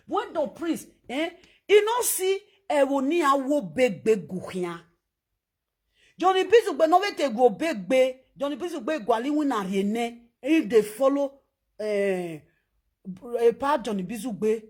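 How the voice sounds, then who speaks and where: A woman speaking in a Nigerian Pidgin accent, ranting loudly and scolding on social media. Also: sits high. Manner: animated, loud and scolding, switching between pidgin and English.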